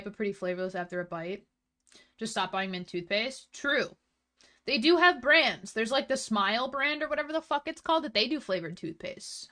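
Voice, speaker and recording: A woman's voice: a little high, sharp tone. A young woman streamer chatting casually with her viewers, blunt and full of swearing. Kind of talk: casual chat stream, reading chat.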